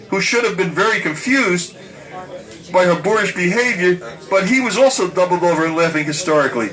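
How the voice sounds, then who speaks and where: A man reciting a personal story to an audience, animated and chuckling as he tells it. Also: on the high side, normal speed, low-quality recording. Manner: animated, chuckling through his tale.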